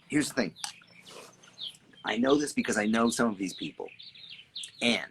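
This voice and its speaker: Low-voiced man live-streaming among loud birdsong. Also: slight background noise. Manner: animated and repetitive, swearing, greeting viewers by name. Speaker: artist and creative coach hosting a live stream. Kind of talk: casual live-stream chat reading viewer comments. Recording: birds chirping clearly in the background.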